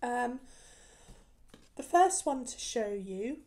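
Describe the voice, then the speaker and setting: A woman's voice: on the high side, expressive, slow pace, darkish tone. A woman hosting a knitting podcast, chatting casually about her projects with many ums and restarts. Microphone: camera recording, showing work.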